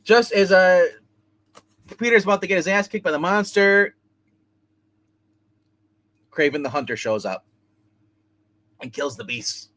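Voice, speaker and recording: A man's voice: high-pitched, animated, measured pace, long pauses, a bit bright, no room sound. Casual man recapping comic plots. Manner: loose, rambling retelling with many restarts. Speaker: comic book reviewer. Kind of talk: casual solo comic review, retelling plots.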